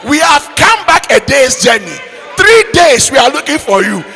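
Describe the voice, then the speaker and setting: A man's voice: on the high side, very animated, fast talker, big-room sound, soft background music, a faint crowd, pitched below the performer's own voice, full character voice. A man playing an exasperated scolding African mother. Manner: loud, scolding, rhetorical questions. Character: exasperated African mother scolding her twelve-year-old son.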